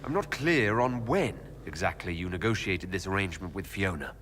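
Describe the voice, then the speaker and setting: A man's voice: deep voice, lively intonation, moderate pace, a bit bright, a little hiss or hum. A man voicing a plain-spoken hero in a video game, asking direct questions. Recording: game audio with faint ambience.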